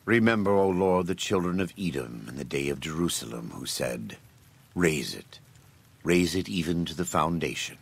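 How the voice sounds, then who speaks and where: An actor playing a stern, scripture-quoting warrior preacher in a video game, speaking slowly and solemnly with a gravelly, husky voice. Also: male voice, extremely low pitch, expressive, exaggerated voice. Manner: slow, measured, solemn delivery.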